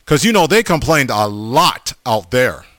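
A man's voice: medium pitch, sing-song, unhurried, fairly bright tone, dry recording, clean studio sound. A man in his forties preaching a sermon, emphatic, with stammering restarts and repeated calls to his listeners.

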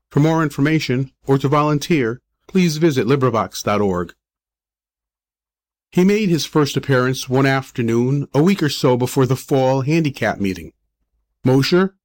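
A volunteer male reader narrating an old short story in a plain, measured way. The recording is dry and close, with no room echo at all, and his pitch sits in the middle. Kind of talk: scripted narration.

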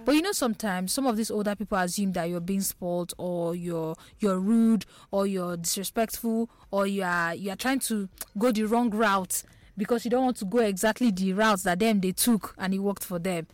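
A woman's voice: medium pitch, normal speed, no room sound. Young nigerian lady radio host, bubbly and playful, dry close studio sound. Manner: bubbly, playful, hyping up guests. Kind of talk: lively radio show chat.

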